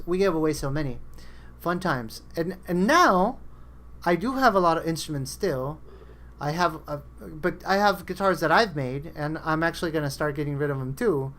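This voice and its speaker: On this podcast, the man speaks at a normal speed in a highish, slightly bright voice. He chats casually and wanders through stories, acting out the lines of friends he quotes.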